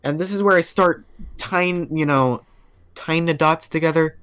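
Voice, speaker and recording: A man's voice: fairly high pitch, a little slow, a bit bright, clean tone, no room sound. A man guesting on a podcast, telling a story casually with plenty of fillers and acted-out quotes. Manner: rambling, filler-heavy, acts out quoted dialogue.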